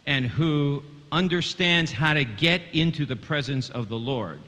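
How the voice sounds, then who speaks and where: Guy preaching a bible lesson, bright ringing voice, lots of uh uh restarts, long echo like a big church. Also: on the high side, animated, measured pace, hardly any pauses, a little hiss or hum. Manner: earnest, stumbling on fillers and restarts; addresses a congregation, asks them to repeat. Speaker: Bible teacher. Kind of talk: sermon teaching. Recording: long hall reverb.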